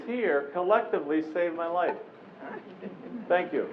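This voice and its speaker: A man in his forties giving a keynote address to a room, telling animated personal stories and briefly voicing the people he quotes. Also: fairly high pitch, a little fast. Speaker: keynote speaker. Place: conference room with a live audience. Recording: tinny phone-like recording with faint noise.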